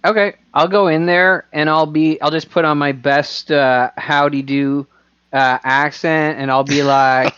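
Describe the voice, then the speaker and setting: A man's voice: a little high, steady tone, unhurried, fairly bright tone, smooth, dry recording. A man playing a tabletop game over voice chat, easygoing and a bit hesitant. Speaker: player. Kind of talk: casual chat. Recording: dull lo-fi voice chat.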